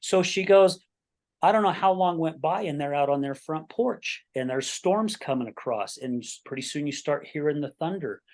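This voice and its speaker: A man's voice: fairly high pitch, expressive, moderate pace, a little mellow. Earnest man in his sixties, hosting. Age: 60s. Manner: earnest storytelling with many repeated starts and "right?". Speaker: podcast host. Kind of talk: casual interview chat.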